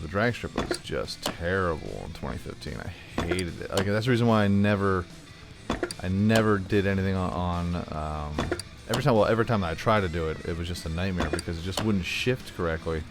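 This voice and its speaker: Brief: lower-voiced male gaming host, chatty play-along talk, slightly sore throat, quiet music underneath. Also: expressive, a little fast. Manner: rambling, chatty, thinking aloud. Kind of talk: casual gameplay commentary.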